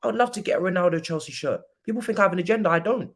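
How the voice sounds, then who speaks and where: A young man hosting a football watchalong stream, talking casually in slang and breaking into loud mock-outraged rants. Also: high voice, rapid-fire. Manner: laid-back football opinions. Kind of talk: casual livestream chat.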